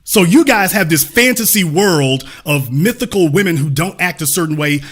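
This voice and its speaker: Man, podcast host, heated debate, combative, interrupting, lively pitch. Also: normal speed. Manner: combative, repeats "sir" and interrupts.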